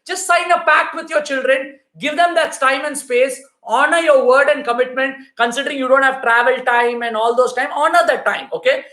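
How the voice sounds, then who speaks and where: A man's voice: very high voice, steady tone, normal speed, hardly any pauses, pushed and bright. Emphatic man coaching parents in an echoey room. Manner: emphatic, repeats key points, coaxing the audience. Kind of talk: live online talk answering viewer questions.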